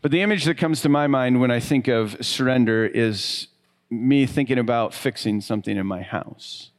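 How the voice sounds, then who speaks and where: A middle-aged pastor with a medium-pitched voice delivers a sermon in a relaxed, conversational style. He tells self-deprecating stories about himself, letting his voice drop softly at the end of each thought with gentle, trailing pauses.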